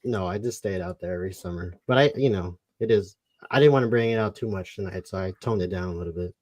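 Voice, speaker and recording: A man co-hosting a casual chat, speaking in a relaxed, quiet way and laughing easily. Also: deep voice, fast, no room sound.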